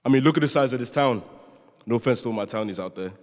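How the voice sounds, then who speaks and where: Speaking in a London English accent, this young adult man was born in Nigeria and grew up in London. His medium-pitched, slightly mellow voice moves quickly through an earnest, prepared student speech in a big chapel, with occasional jokes for the crowd. Long chapel reverb colors the audio.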